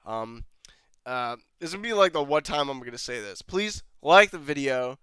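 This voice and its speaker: A young man rambles through a frustrated review, laughing often as he talks. His voice is bright and clear and rises and falls a great deal. The recording is close and dry. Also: mid-range voice, animated, normal speed, no echo. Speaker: channel host reviewing a TV episode. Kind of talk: casual rant to camera.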